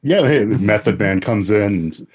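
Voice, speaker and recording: A man's voice: lowish voice, expressive, measured pace, darkish tone, breathy edge, highs cut off. A man co-hosting a casual podcast chat with laid-back, dry remarks. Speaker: podcast co-host.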